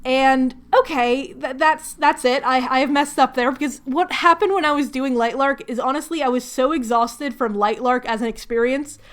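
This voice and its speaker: A woman's voice: high-pitched, normal speed, hardly any pauses. A woman chatting casually while doing crafts at home, rambling and laughing often. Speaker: craft vlogger hosting a hangout.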